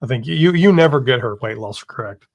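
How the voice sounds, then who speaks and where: A man co-hosting a live chat stream, measured and matter-of-fact with dry remarks. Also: mid-range voice, expressive, creaky, darkish tone, dull audio, slight background noise. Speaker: co-host of a livestream.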